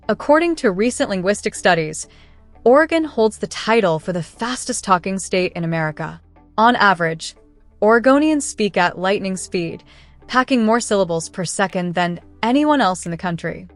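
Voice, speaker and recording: A woman giving scripted documentary-style narration for a fact countdown, in a smooth, evenly paced read with no fillers. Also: medium pitch.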